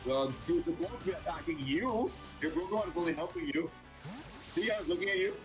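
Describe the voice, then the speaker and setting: A man's voice: on the high side, fast, low-quality recording. Insistent man with game music behind. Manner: insistent, repeats himself. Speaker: co-streamer advising the player. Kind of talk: casual live-stream game chat.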